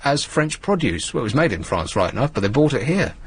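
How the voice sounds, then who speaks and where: A man's voice: medium pitch, fast talker, husky. A man from England hosting a radio show, telling rambling, jokey stories in casual chat. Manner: rambling, jokey, animated storytelling. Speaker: radio host.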